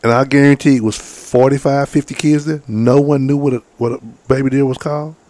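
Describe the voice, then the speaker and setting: A man with a drawl spins folksy outdoor stories, slipping into the voices of the people he's talking about. His voice sits at a middle pitch and is recorded close and dry, with no room sound around it. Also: fairly quick, dry recording. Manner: folksy, animated storyteller acting out voices. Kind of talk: casual storytelling chat.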